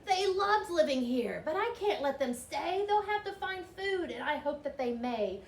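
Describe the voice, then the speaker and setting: A woman's voice: lively intonation, normal speed, distant mic. A woman voicing a small, grumpy male forest creature who scolds and coughs, in a storybook reading. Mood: complaining. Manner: scolding, high and loud, coughing. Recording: roomy with faint hiss.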